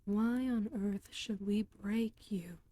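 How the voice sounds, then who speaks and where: A woman's voice: medium pitch, slow pace, warm tone, dry recording, lightly acted. A woman voicing a stubborn, anxious young male wizard in a whispered role-play, whispering her demands. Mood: demanding.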